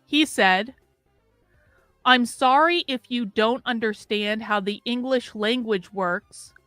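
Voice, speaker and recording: Slow-talking woman reading posts on stream. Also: a little high, pushed and bright, no room sound, soft background music. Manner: slow, muttering asides while scrolling. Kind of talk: casual livestream, reading posts aloud.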